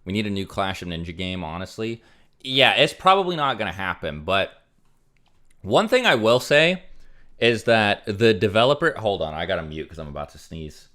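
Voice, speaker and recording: A man's voice: fairly low pitch, big pitch swings, moderate pace, a bit bright. A young man casually chatting on a livestream, rambling with many fillers as he reads out donations. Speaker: streamer.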